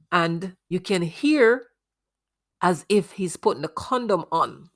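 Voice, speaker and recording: A woman's voice: lowish voice, a bit bright. A woman hosting a commentary on a news case, speaking earnestly and morally to parents in the audience. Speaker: host.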